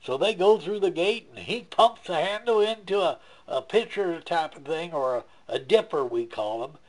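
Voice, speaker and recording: A man telling a folksy tale in a relaxed, plain-spoken way, chuckling often. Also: on the high side, moderate pace. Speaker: storyteller.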